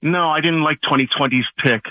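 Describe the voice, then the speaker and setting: A man's voice: on the high side, fairly quick, dry recording. A man calling into a radio show, sarcastic and argumentative, heard over a tinny phone line. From New Jersey. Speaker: caller.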